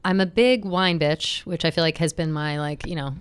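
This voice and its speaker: A young woman co-hosting a podcast, telling stories in casual chat, animated and swearing freely with lots of "like". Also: low voice, moderate pace, clear, resonant tone. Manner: animated storytelling, swears freely, says "like" a lot. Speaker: podcast co-host.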